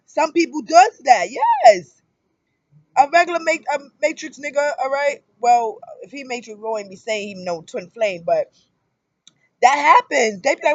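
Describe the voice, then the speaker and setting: A woman in her thirties talking casually to camera about her relationship, in an animated storytelling manner that jumps up loud for emphasis. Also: high-pitched, moderate pace, no echo, lo-fi sound. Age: 30s. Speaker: spiritual vlogger. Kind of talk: casual personal monologue.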